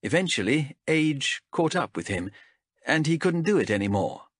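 A man's voice: a little high, very animated, normal speed, husky, dry recording, studio quality, voice pushed up. A male narrator voicing a stubborn young woman explorer who speaks earnestly and defensively in a raised voice. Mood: wistful. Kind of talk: audiobook character voice.

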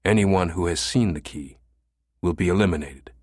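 A man voicing a calm, cold American conspirator who talks in a quiet, soothing way in an audiobook. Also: sits low, normal speed, no echo, studio quality.

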